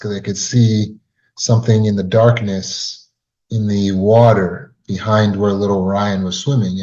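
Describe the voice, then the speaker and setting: Low-voiced man teaching about trauma. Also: a little mellow. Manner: earnest, addresses listener directly with rhetorical questions. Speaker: trauma recovery coach. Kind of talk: storytelling lesson to camera. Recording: dull lo-fi sound.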